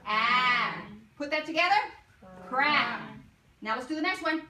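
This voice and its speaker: A woman teaching a phonics lesson to young children, sounding out words slowly and asking coaxing questions. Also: high-pitched, expressive. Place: classroom. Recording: roomy classroom from far off, faint noise.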